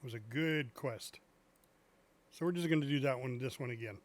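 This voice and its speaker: A man's voice: medium pitch, normal speed. A man streaming a driving game, chatting casually and cracking jokes at his own puns. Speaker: gaming streamer. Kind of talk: casual live gameplay chat.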